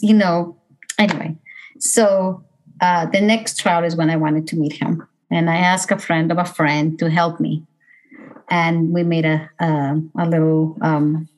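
Low-voiced woman telling a grief story. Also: a little mellow, poor audio. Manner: halting, emotional storytelling with many fillers and restarts. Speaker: bereaved mother speaking about road safety. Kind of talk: personal testimony talk.

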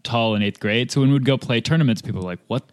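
A man who is a podcast guest in casual chat, telling stories in a relaxed way and laughing often. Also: mid-range voice, fast.

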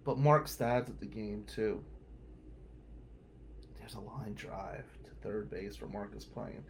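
A man hosting a show, telling a personal story in a casual monologue, animated and swinging from loud outbursts to low mutters. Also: slow pace, slight background noise.

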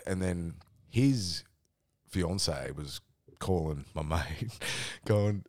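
A man's voice: low-pitched, unhurried, darkish tone. A young Australian man telling a rambling, sweary story on a casual podcast, laughing as he goes. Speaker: podcast co-host.

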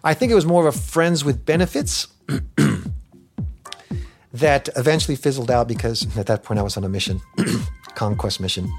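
A man's voice: medium pitch, moderate pace, pauses often. A man giving a candid interview, frankly telling anecdotes and acting out quotes. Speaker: interview guest. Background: music.

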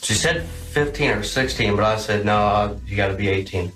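A man's voice: lowish voice, moderate pace, fairly bright tone, faint music behind. A man answering questions hesitantly and evasively, with many ums, recorded in archive footage. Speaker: man confronted in a sting. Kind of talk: nervous answers under questioning. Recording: roomy and distant archive footage.

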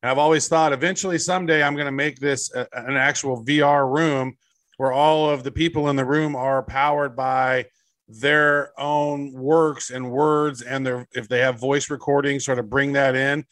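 A man's voice: medium pitch, steady tone, moderate pace, a bit bright, dry recording. A man co-hosting a podcast in casual chat, rambling and laid-back with crude humor. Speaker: podcast co-host.

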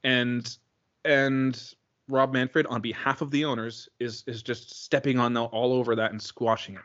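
A man co-hosting a sports podcast in casual chat, talking in halting bursts full of restarts and repeated words. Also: mid-range voice, flat delivery, a bit bright, dull audio. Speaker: podcast co-host.

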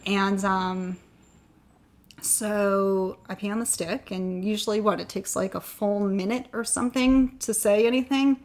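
A woman's voice: mid-range voice, steady tone, a little slow, darkish tone. A woman in an interview, candidly telling a long personal story and getting choked up at times. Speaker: guest sharing her fertility story.

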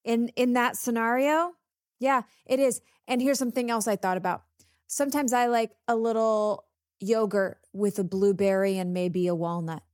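A young woman co-hosting a podcast in casual chat, animated, emphatic and quick to laugh. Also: on the high side, no room sound, studio quality. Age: young adult. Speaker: podcast co-host.

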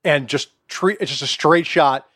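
A man's voice: on the high side, normal speed, fairly bright tone, husky, dry recording, studio quality. A middle-aged man co-hosting a podcast, chatting loosely and profanely with frequent laughs. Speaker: podcast co-host. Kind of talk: casual chat.

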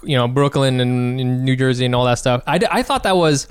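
A man hosting a comedy podcast, talking in an excitable casual way, laughing often and swearing freely. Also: mid-range voice, fairly quick, clean tone, dry recording. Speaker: podcast host.

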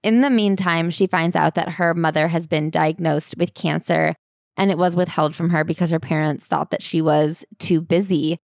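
A woman's voice: low-pitched, steady tone, normal speed, gravelly, a little mellow, dry recording, studio quality. A woman co-hosting a podcast in casual chat, wry and reading memoir passages aloud. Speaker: podcast co-host. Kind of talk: casual book-club chat.

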